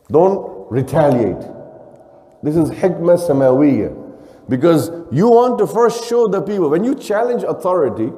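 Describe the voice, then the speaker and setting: Imam preaching in a reverberant hall. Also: male voice, on the high side, warm tone. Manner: preaching with Arabic phrases mixed in, rhetorical questions, acting out quotes. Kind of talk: sermon. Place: mosque hall.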